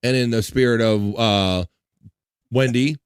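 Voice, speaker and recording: Male live-stream host, crude jokey banter, mid-pitched, dry close mic. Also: unhurried, smooth, no room sound. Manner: jokey, crude banter, reads chat messages aloud. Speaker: livestream show host. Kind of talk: casual live-stream chat.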